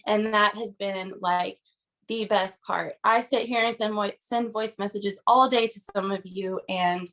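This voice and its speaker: A woman's voice: medium pitch, fairly even intonation, a little slow, a bit bright. A woman on a video call sharing a personal testimony, earnest and emotional, with many "um"s and "like"s. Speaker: team member sharing a testimony.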